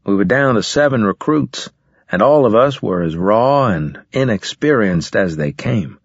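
A man narrating a first-person audiobook in a low, husky voice, with a measured, matter-of-fact delivery. The recording is dry and close, with a slightly dull, lo-fi sound. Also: expressive, no room sound.

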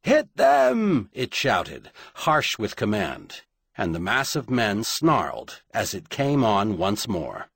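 A man narrating an audiobook in a dramatic, measured storytelling manner. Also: lowish voice, big pitch swings, fairly bright tone, slightly rough, no echo, studio quality.

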